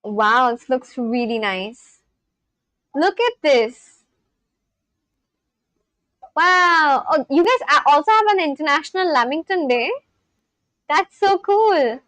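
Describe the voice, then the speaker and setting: A young woman from India chatting casually on a livestream, reading out viewers' comments and reacting with gushing excitement. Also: high voice, slow pace, long pauses, no echo, low-quality recording. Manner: gushing, reads chat aloud and reacts.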